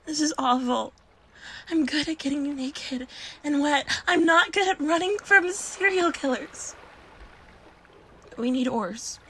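A woman's voice: high-pitched, takes it slowly, long pauses, bright, forceful tone, exaggerated voice. A woman playing a frightened young camp counselor who whispers nervously and cries out in panic. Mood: wry.

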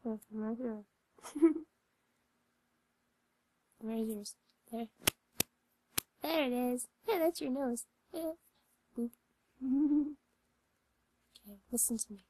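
A young woman in a whispered role-play, speaking softly and reassuringly as a comforting partner guiding a slow visualization into a close mic. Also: sits high.

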